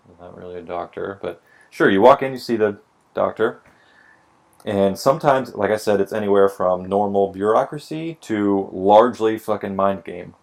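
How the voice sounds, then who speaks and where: A man with a low, gravelly voice holds forth in casual podcast chat, swearing freely and slipping into mock dialogue. He sounds a little tipsy and wry. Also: normal speed. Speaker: podcast co-host explaining police hiring.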